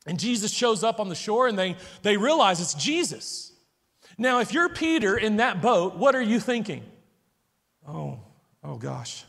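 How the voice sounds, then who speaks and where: A man's voice: high voice, big pitch swings, moderate pace, a bit bright, long reverb tail. A man preaching a sermon, telling the story dramatically and putting questions to his listeners.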